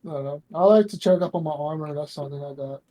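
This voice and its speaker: Playful male player, higher pitch. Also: fast talker, warm tone. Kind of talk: casual game chat. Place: online voice call.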